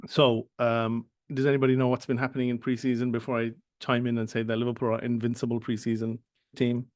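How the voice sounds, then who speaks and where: A man with a Birmingham accent hosts a casual football podcast. His talk is chatty and rambling, full of fillers and tangents. His voice sits at a middle pitch and is recorded dry and close. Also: monotone, fast, darkish tone, no room sound. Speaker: podcast host.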